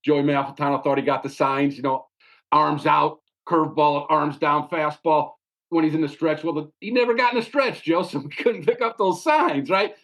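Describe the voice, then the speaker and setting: A male podcast host with a slightly raised voice tells stories in a loose, animated manner. He tends to close his thoughts with a casual "man," like he is chatting with an old friend. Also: fairly high pitch, normal speed. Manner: animated storyteller, often ends phrases with "man". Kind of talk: casual storytelling chat.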